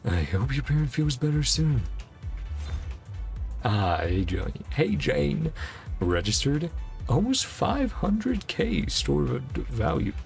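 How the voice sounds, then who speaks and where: A man's voice: medium pitch, slow, creaky, faint music behind. A man streaming a video game, chatting casually and rambling with frequent chuckles. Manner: relaxed, rambling, chuckles often. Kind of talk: casual gameplay commentary.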